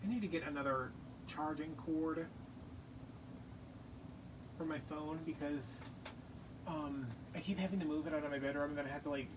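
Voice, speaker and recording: A man's voice: on the high side, steady tone, moderate pace, long pauses, recorded from a distance, noisy background. A man chatting casually on a live stream, telling jokey, playful stories while he crafts.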